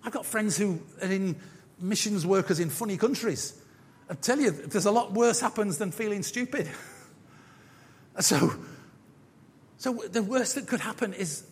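A man preaching a sermon as pastor, animated, acting out voices, with jokey asides. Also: high voice, normal speed, gravelly, pauses often, a little hiss or hum. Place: church. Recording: church hall with long reverb.

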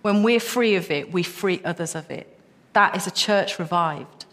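A woman's voice: fairly low pitch, normal speed. A woman preaching a sermon, passionate and emphatic, her voice rising into repeated questions. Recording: long reverb of a hall.

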